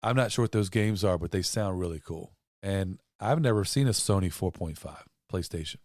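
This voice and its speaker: Low-voiced man joking deadpan. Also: normal speed, dry recording, studio quality. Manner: deadpan joking, tall-tale sales pitches. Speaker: podcast co-host. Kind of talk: casual chat.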